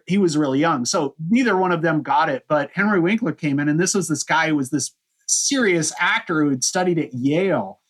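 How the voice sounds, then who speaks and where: A man hosting a podcast, casually rambling through a history with lots of "you know" fillers. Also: a little high. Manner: rambling, many fillers and restarts. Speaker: podcast host. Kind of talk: casual chat, historical overview.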